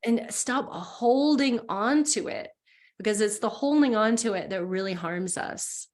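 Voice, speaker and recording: A woman's voice: mid-range voice, animated, measured pace, darkish tone. A woman guest who teaches spiritual practice, explaining earnestly and encouragingly and voicing inner thoughts as quotes. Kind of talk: explanatory conversation.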